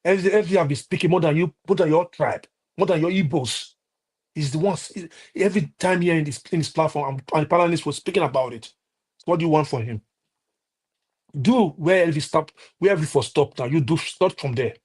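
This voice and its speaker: Heated Nigerian man, husky voice. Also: a little high, darkish tone. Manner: heated, scolding, halting with many restarts. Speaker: live stream commentator. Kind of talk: heated political commentary.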